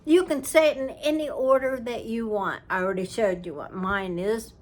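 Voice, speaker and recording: A woman's voice: on the high side, normal speed. A woman giving an earnest spiritual talk, sometimes dropping to a whisper for emphasis. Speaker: spiritual teacher. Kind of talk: slow, heartfelt spiritual talk.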